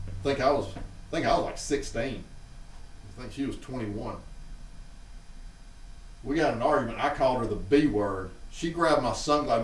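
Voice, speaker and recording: A man's voice: mid-range voice, distant mic. A man with a Southern Alabama accent hosts a show and casually tells childhood stories to a live chat. He acts out what his family members said. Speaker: host. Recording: roomy, off-mic sound.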